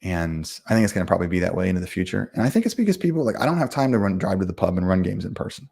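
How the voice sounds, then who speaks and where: Gravelly, fast-talking man. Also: low-pitched, very animated, darkish tone. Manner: fast, rambling, full of fillers and restarts; self-assured, blunt. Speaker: livestream host and game company owner. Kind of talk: casual livestream chat answering comments.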